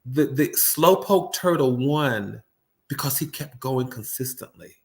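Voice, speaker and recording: A man's voice: mid-range voice, expressive, measured pace, gravelly. A man giving a live-streamed motivational talk, often repeating words as he restarts and calling his audience "you all.".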